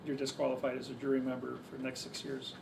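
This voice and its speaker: Telling rambling stories to a crowd, this man talks fast in a monotone at medium pitch, with vocal fry, restarting his sentences again and again. It's casual storytelling picked up on a distant mic with faint background noise.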